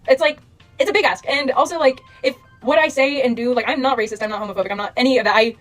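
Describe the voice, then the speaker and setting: A young woman talks fast and earnestly to her followers, rambling from thought to thought with a constant stream of fillers. Her voice sits a little high, with faint music behind her. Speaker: social media creator. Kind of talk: casual monologue to followers.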